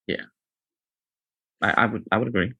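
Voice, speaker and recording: A man's voice: fairly low pitch, moderate pace, bright, forceful tone, breathy edge, no echo, highs cut off. A man co-hosting a podcast in casual chat, laid-back, often stammering and restarting his sentences. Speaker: podcast co-host.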